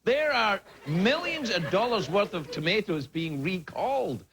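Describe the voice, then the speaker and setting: A man in his forties, a late-night talk show host delivering a comic monologue with animated, mock-outraged outbursts. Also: sits high, a little slow, crowd noise. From Scotland. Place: TV studio stage before a live audience. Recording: loud studio audience noise.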